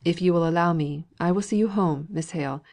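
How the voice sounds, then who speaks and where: A sensible male doctor, measured and reasonable, read by a woman narrator in her own somewhat low voice. The tone is steady. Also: natural voice. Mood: calm.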